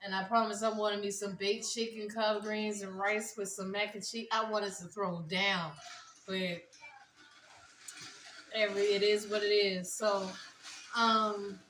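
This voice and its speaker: A woman vlogging casually, talking in a loose, rambling way with lots of fillers, mildly high and relaxed. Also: measured pace, roomy sound, distant mic, faint music behind, rough recording. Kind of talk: casual vlog chat. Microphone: phone.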